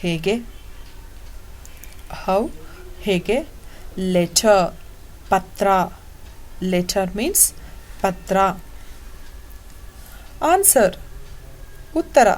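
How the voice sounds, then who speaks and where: A woman with a Kannada accent, a native Kannada speaker, teaching a vocabulary lesson. She says each English word slowly and then gives its Kannada meaning, with small slips along the way. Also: mid-range voice, very animated, a little mellow.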